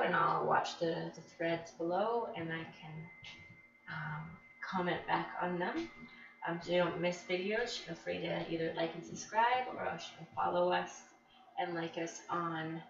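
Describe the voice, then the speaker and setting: A woman's voice: on the low side, vocal fry. A woman dog breeder chatting casually to her viewers at home with her puppies, with many fillers and restarts. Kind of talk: casual vlog talk to viewers. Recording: roomy, distant, dull, noisy home recording. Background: dogs heard in background.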